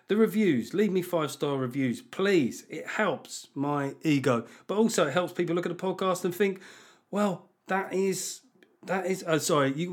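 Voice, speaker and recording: A man hosts a podcast in a loose, rambling way. He swears freely and mocks himself. His voice sits fairly high for a man. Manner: profane, self-mocking, rambling. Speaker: podcast host. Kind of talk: casual chat.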